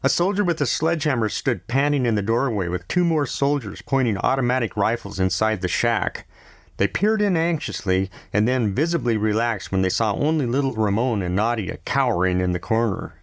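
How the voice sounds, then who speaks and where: Male novel narrator, gravelly, measured, recorded dry and close. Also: medium pitch, expressive, no echo. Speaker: audiobook narrator.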